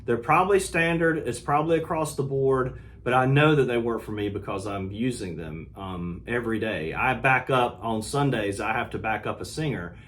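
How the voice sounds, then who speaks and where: A middle-aged man giving a relaxed, casual guitar lesson, explaining strumming and sometimes scatting the rhythm. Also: mid-range voice, normal speed, few pauses, slight background noise. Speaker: guitar teacher. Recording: loud guitar under the voice. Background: acoustic guitar playing.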